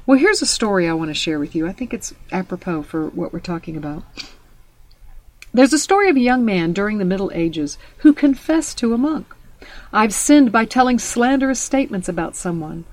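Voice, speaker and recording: A woman's voice: on the high side, lively intonation, moderate pace, a little mellow, no echo. A woman preaching a sermon, telling personal stories in a conversational way and quoting scripture. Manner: storytelling, conversational with scripture quotes.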